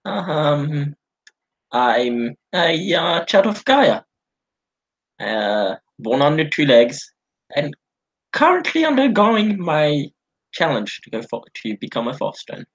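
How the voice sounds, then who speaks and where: An awkward young werewolf man stammers through his introduction, pitched low and halting, with ums and uhs between every phrase, as a woman puts him on for a tabletop game. His voice swings widely as he fumbles for words. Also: sing-song, muffled recording, heavily acted. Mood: flustered.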